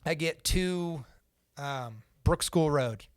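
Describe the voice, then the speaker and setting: A young man from Central Indiana, guesting on a podcast, casually tells a personal story, swearing freely and acting out the lines other people said. His voice is a little high and he takes it slowly. The sound is clean studio quality with no room sound.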